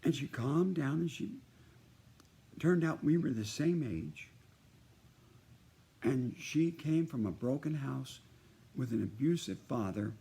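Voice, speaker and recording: A man's voice: mid-range voice, expressive, slow pace, vocal fry, pauses often, mellow, breathy edge. An older man telling a rambling personal anecdote to one listener in a casual birthday message, jumping from one story to the next. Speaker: performer sending a birthday message.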